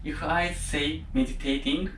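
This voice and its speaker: A man feeling his way through English, pausing and restarting as he asks questions. He is picked up from a distance in an echoey room with a faint hiss underneath. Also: fairly high pitch, steady tone, fairly bright tone. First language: Japanese. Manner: hesitant, halting English. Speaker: student, channel host. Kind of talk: casual chat, asking questions. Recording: roomy, distant mic, faint noise.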